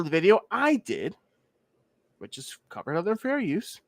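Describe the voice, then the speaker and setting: A man's voice: high voice, huge pitch swings, unhurried, creaky, a bit bright, dry recording. A man from Pennsylvania hosting a casual livestream, walking through a legal filing and skipping the boilerplate. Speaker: livestream host.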